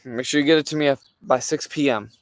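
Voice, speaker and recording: A man voicing a smug, lazy young office boss in a quick, offhand way, with a smooth voice. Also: medium pitch, no echo, close to an everyday voice.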